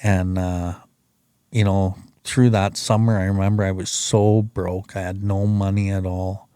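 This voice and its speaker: Middle-aged male podcast host, blunt and profane storyteller; dark, dry close sound. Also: sits low, little pitch movement, unhurried, smooth, no echo. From Canada. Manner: rambling, profane, plain-spoken. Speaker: podcast host sharing his recovery story. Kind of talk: casual storytelling.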